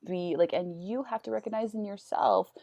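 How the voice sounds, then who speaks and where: A woman's voice: mid-range voice, normal speed, vocal fry, warm tone, dry recording, lo-fi sound. A woman in her thirties hosting a podcast, bubbly and encouraging, chatting casually with lots of "like" fillers. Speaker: podcast host. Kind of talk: casual conversational interview.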